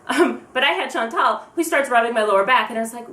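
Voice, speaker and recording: A young woman vlogger telling a story fast and excitedly, acting out her own thoughts as she goes. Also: high voice. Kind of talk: casual storytelling. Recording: roomy, distant from the mic.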